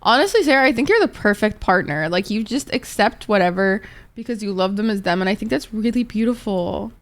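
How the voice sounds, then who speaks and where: A woman's voice: mid-range voice, lively intonation, a little fast. A woman streaming live and chatting casually with her viewers, rambling laid-back and swearing freely as she answers chat messages. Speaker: Twitch streamer.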